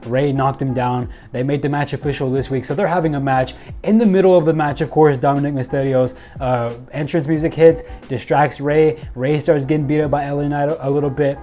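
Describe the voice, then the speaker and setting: A young man excitedly recapping and commenting on a wrestling show, acting out quoted lines and using many fillers. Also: on the high side, fairly quick, soft background music.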